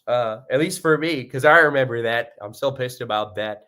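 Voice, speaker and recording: A man's voice: fairly low pitch, measured pace, fairly bright tone. A young man hosting a fan podcast, rambling upbeat commentary with lots of fillers and restarts.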